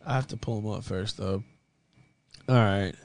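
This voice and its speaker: A man with a Southern US accent hosting a casual livestream as moderator, rambling and chuckling often as his volume swings from loud to low. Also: normal speed, vocal fry, slight background noise.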